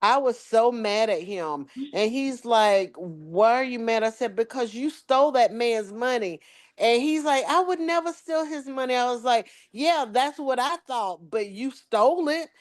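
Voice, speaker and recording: A woman tells a story in a relaxed podcast chat. She puts on the voices of the people in it, and her pitch leaps up and down as she goes. She has the easy rhythm of someone talking with family. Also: a little slow. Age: adult with children. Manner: animated storyteller, acts out quoted dialogue. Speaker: podcast co-host.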